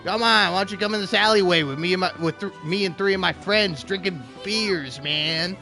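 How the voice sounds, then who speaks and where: A man voicing a brash old-timey male street tough with a put-on New York accent and a loud, leering drawl. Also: high-pitched, moderate pace, gravelly, soft background music, exaggerated voice.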